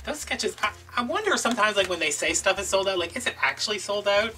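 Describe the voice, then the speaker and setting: A man telling a casual story as a crafting video host, animated and gossipy, acting out other people's voices as he goes. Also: high-pitched, fast talker, hardly any pauses. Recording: distant mic with faint background music.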